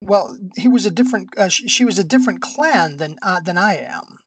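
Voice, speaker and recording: A player answers in character, measured and hesitant, choosing evasive words. The voice is mid-pitched and dry with no room sound. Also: expressive, husky, dry recording, rough recording. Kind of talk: in-character tabletop role-play.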